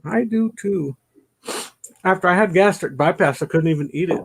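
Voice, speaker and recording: A man's voice: high voice, normal speed, vocal fry, husky. A middle-aged man hosting his own channel from a home basement, chatting casually to the camera in a rambling, self-deprecating way and muttering to himself. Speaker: YouTube channel host.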